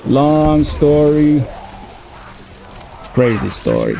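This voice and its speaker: A man's voice: on the high side, wildly swooping pitch, extremely slow, creaky, mellow. A man in his thirties telling a long story in a loose, casual way, full of fillers and swearing. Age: 30s. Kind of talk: casual storytelling while gaming.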